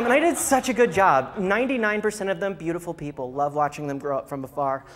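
A man's voice: high voice, lively intonation, fast talker, few pauses. A young man from a small Southern town doing stand-up comedy on a live stage, brash, campy and profane. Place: live comedy venue with audience. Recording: loud crowd laughter and noise.

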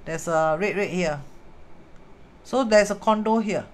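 Singaporean lady on a livestream, chatty, mid-pitch voice, talks feng shui, greets viewers, mixes in hokkien and mandarin. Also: a little slow. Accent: Singaporean English. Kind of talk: casual live-stream talk.

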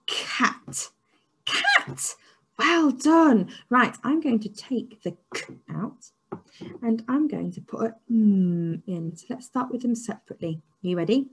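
A woman teacher leading an online phonics lesson for young children, sounding out letters slowly and praising with excitement. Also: mid-range voice, slightly rough. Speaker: early years teacher.

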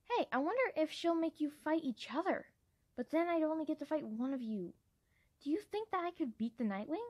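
A woman's voice: high voice, big pitch swings, brisk, a little mellow, dry recording, pitched above the performer's own voice. A woman voicing a young female dragon champion who talks in a chirpy, matter-of-fact way, as an amateur audiobook character. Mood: cheerful.

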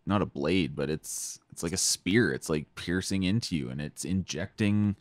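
A man's voice: low-pitched, normal speed, no echo. A man co-hosting a podcast, chatting casually about politics, rambling with lots of fillers and restarts. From Canada. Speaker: podcast co-host.

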